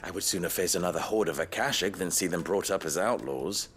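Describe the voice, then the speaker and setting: An actor voicing a wry, newly appointed town leader in a video game, with a dry sense of humor. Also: male voice, sits low, a little fast, a bit bright. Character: wry middle-aged male town leader, newly mayor. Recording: game music underneath.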